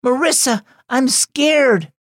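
A man voicing a scared five-year-old boy in a children's story, in a high, frightened voice. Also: slow pace, dry recording, studio quality, heavily acted.

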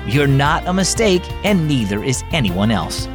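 A man hosting and reading a children's story in a gentle, reassuring way. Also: medium pitch, big pitch swings, moderate pace, over music. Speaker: host and storyteller. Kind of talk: scripted story narration for children.

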